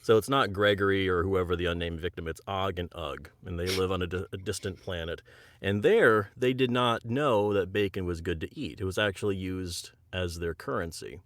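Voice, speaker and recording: A fairly low-voiced man invents a silly story on the spot over a video call. He speaks with animated energy and quick restarts. His voice sounds dry and close. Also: no room sound. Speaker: guest author. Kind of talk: improvised comic storytelling.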